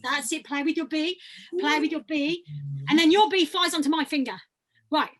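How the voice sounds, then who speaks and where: A woman with a high, bright-sitting voice leads vocal warm-ups over a video call. She encourages her students and demonstrates each sound herself. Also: moderate pace. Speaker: voice workshop leader. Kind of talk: leading vocal exercises.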